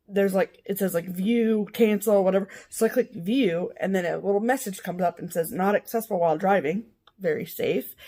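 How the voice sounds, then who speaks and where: A chatty woman co-hosting a relaxed talk show, winding through her story with plenty of "um" and "like". Her pitch sits in an ordinary middle range, and she keeps an easy, conversational pace throughout. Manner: chatty, rambling storyteller with many fillers. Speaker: co-host of a cross-stitch show. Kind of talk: casual chat.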